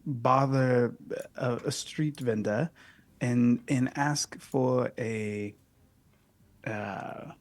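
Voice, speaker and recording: Slow, gravelly man playing a tabletop game. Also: mid-range voice, a little mellow, a little hiss or hum. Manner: hesitant, searching for words.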